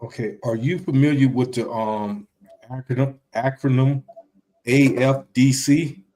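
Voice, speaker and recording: A man's voice: mid-range voice, fairly even intonation, measured pace, dark tone. Hesitant man hosting a discussion. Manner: hesitant, many ums and restarts. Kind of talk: casual discussion.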